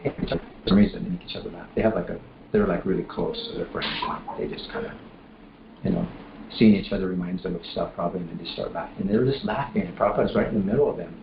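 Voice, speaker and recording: Man, rambling storyteller, lowish voice, echoey room, dull lo-fi sound, faint hum. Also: fast talker, gravelly. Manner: rambling, many fillers and restarts, laughs while telling. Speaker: speaker at a temple class. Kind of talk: casual storytelling class. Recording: roomy echo, dull lo-fi, faint room noise.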